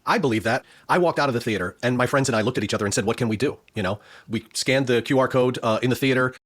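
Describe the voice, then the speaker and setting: A man's voice: medium pitch, rapid-fire, a bit bright. A man joining the conversation casually and enthusiastically, with fillers. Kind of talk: interview conversation.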